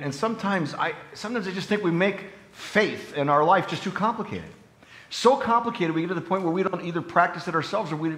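A man preaching a sermon as pastor, earnest and conversational, rising into animated emphasis on his main points. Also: mid-range voice. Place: church sanctuary. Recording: echoey church room.

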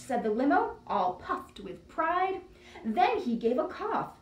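Here a female librarian performs a picture book for young children with a high, very animated voice, taking her time and voicing the characters in sing-song fashion. An echoey space and distant microphone shape the sound.

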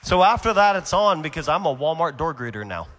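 A young adult man preaching his testimony at a conference, earnest and animated, swinging between loud and hushed delivery. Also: on the high side, a little fast. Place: large conference hall. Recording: long hall reverb.

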